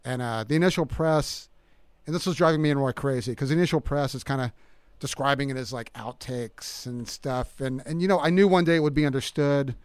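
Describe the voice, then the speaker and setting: A middle-aged man talking as a guest musician in a casual interview, halting with many fillers and restarts. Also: medium pitch, clean tone, no echo.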